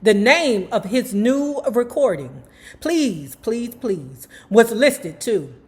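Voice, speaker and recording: Lively woman reading a memoir aloud. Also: a little high, slow pace. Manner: animated, breaks off to talk to viewers.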